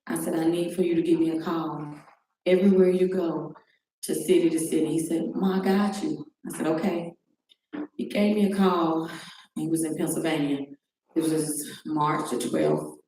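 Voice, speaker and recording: On a talk show, a middle-aged woman recounts personal events by acting out the phone calls she quotes. Her voice is low and dark, with fairly even intonation and normal speed. The audio comes from a distant mic in a very echoey room, with some faint noise.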